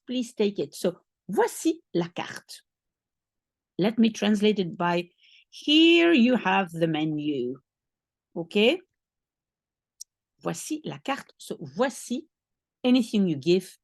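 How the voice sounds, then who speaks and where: A woman's voice: fairly high pitch, darkish tone, no echo, clean studio sound. A woman teaching a lesson, patient and explaining step by step, often checking if she is understood. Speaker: language teacher. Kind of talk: one-on-one French lesson.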